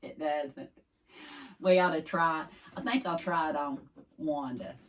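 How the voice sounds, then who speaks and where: This East Tennessee vlogger talks to her viewers in a folksy, chatty ramble, complete with a Southern accent and plenty of tangents. Her voice sits low at a measured pace, sounding a little distant from the mic, with a faint hiss or hum in the recording.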